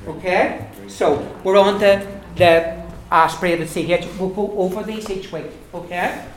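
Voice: medium pitch, fairly even intonation, unhurried. A teacher with a Donegal accent giving a classroom pronunciation lesson, patiently saying each sound again and again. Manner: patient, repeats sounds many times over. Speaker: language teacher. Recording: very echoey room, mic far off, background noise.

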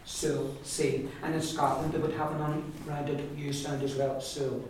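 Donegal-accented language teacher, repetitive and patient, distant mic in a boomy classroom with noise. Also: level tone, a little fast, a little mellow. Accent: Donegal Irish. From Donegal, Ireland. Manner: patient and repetitive, says each word several times, with asides and small laughs. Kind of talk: pronunciation class, teacher models words for the class to repeat. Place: large echoey classroom with a group of learners. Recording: echoey room, distant mic, background noise.

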